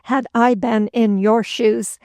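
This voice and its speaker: A woman playing an unflappable English gentleman in a storybook reading, cool and lightly sarcastic. Her delivery is slow and even, the pitch held flat on a somewhat high voice. The sound is dry and close. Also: gravelly, no room sound. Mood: calmly mocking. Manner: cool, unperturbed, mildly mocking.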